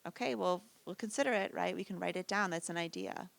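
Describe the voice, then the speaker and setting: A woman's voice: on the low side, quick pace, gravelly, a bit bright, dry recording. A woman presenting a parenting workshop in a conversational manner, often asking "right?" and acting out short lines from parents and children. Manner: conversational, frequent "right?" tag questions.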